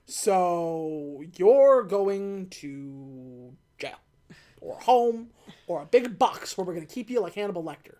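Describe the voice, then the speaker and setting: A woman's voice: on the low side, slow. A woman co-hosting a podcast, casually recapping a film and acting out its lines, laughing often. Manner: animated, acts out lines in character, laughs often. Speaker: podcast co-host.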